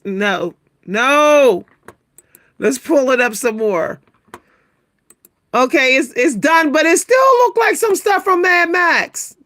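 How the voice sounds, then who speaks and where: Woman livestreaming and reacting, high bright voice, talks slow, keeps going "what?" and laughing. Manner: animated, keeps exclaiming "what?" in a high squeal; laughs between remarks, talks to viewers as "y'all". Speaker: livestream host reacting to pictures. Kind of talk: casual livestream commentary.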